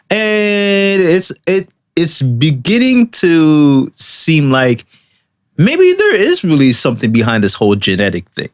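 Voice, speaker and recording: A male podcast co-host who talks in a loose, rambling way and keeps restarting his sentences. His pitch swings widely from phrase to phrase. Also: huge pitch swings, slow. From Toronto, Canada. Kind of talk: casual podcast chat.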